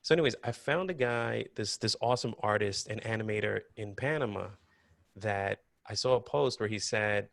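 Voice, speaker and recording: A man being interviewed about his acting and animation work, a lively storyteller who laughs often and quotes himself. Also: fairly low pitch, moderate pace, vocal fry, no echo. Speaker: guest, actor and animator. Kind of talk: casual interview chat.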